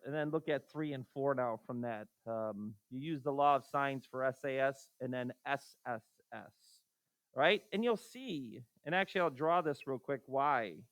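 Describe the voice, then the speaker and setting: A male math teacher lectures through a recorded lesson, his slightly higher voice bouncing between quick mutters and raised, exasperated questions. The sound is close and dry, with no room around it. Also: smooth, no room sound. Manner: animated, rhetorical questions to students, exasperated asides.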